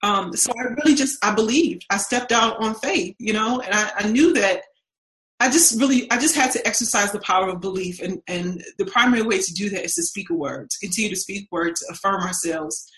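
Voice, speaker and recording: Lively woman in an echoey room. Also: mid-range voice, a little fast. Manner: animated, acts out her past self's voice. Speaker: guest. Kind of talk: casual chat.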